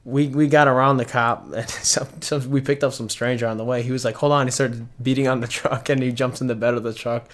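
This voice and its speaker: A man telling a casual story among friends, loose and halting with restarts. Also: mid-range voice, little pitch movement, a bit bright. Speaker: friend in conversation.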